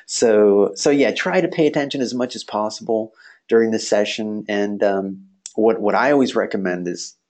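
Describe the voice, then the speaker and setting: A man's slightly low, nasal voice leads a live virtual class session. He talks loosely and warmly to his students, filling pauses with ums and soft laughs. The sound is close and plain, as from a desk mic. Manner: casual, rambling, friendly, frequent fillers and laughs. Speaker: online course instructor.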